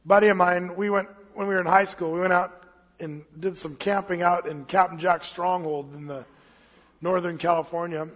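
A man preaching a casual expository sermon as pastor, mixing scripture reading with relaxed storytelling. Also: sits high, husky. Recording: muffled hall with long reverb.

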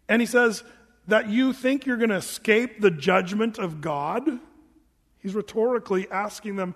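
The long reverb of a church hall surrounds a pastor's high voice as he preaches. His sermon moves at a moderate pace, delivered in an animated, conversational way with rhetorical asides.

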